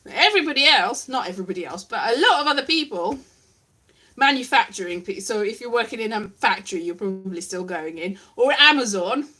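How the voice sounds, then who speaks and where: A woman's voice: medium pitch, animated, fairly quick, sharp tone. A young woman vlogging casually to live viewers, rambling and self-mocking, now and then slipping into silly voices.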